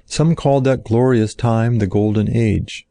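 A man reading an old-fashioned story aloud in a slow, solemn narrating style. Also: medium pitch, gravelly, mellow, no room sound.

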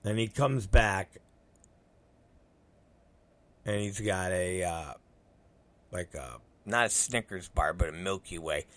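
Here a middle-aged storyteller speaks in a low, fairly bright voice, taking it slowly and pausing often. His casual anecdote rambles along, heavy on swearing and acted-out quotes.

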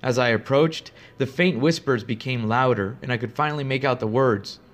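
A man narrating a first-person horror story in a steady, grave, suspenseful way. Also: medium pitch, moderate pace.

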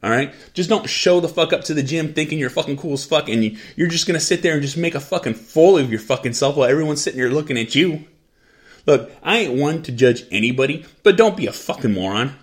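Blunt, swearing ranting man. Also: fairly high pitch. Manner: profane, blunt, rants and repeats himself. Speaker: podcast host. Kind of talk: profane angry rant.

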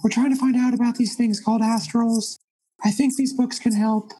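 A man plays a tiny self-important author who claims to be centuries old, in a tabletop role-play. The voice sits high and husky with a dark, mellow tone. He stammers and pushes his requests. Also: level tone, moderate pace, rough recording. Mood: pleading. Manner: pretentious, pushy, stammering. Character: small pompous old author, gnome-like, pushy.

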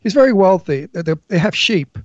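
A man's voice: high voice, animated, brisk, a little mellow, no echo, lo-fi sound. A man co-hosting a radio show, talking in a flamboyant, bawdy, giggly way on a studio mic. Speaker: radio co-host. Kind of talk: casual radio chat.

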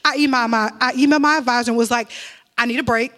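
Animated young woman giving a church testimony. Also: racing. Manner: animated, emotional storytelling with sudden high exclamations.

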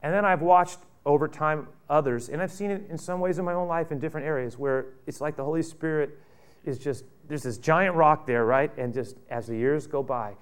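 A male pastor preaching a sermon with passion, repeating phrases and asking rhetorical questions, swinging from loud bursts to hushed asides. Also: fairly high pitch, fairly quick, smooth. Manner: impassioned, repetitive, with rhetorical questions.

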